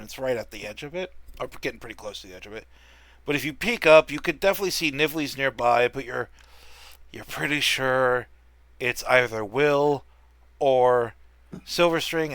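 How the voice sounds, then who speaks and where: A man's voice: mid-range voice, fairly bright tone, no room sound. A man running a tabletop role-playing game as game master, narrating the scene to his players in a loose, conversational way with frequent restarts.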